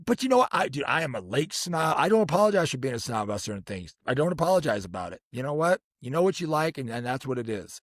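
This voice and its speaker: A man's voice: medium pitch, big pitch swings, quick pace, few pauses, no room sound, clean studio sound. A man co-hosting a podcast in casual chat, joking and rambling with frequent restarts. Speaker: podcast co-host.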